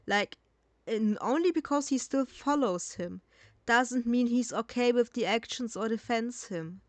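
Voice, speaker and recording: A woman's voice: a little high, unhurried, no room sound. Blunt, sarcastic woman reacting late at night. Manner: blunt, sarcastic, swears freely. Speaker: reaction commentator. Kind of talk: casual reaction commentary.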